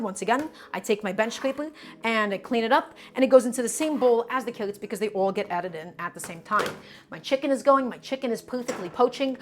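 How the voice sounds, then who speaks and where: Upbeat woman teaching a cooking stream. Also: fairly high pitch. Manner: enthusiastic, repetitive, addresses viewers as friends. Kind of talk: live-stream cooking lesson, chatting with viewers. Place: home kitchen.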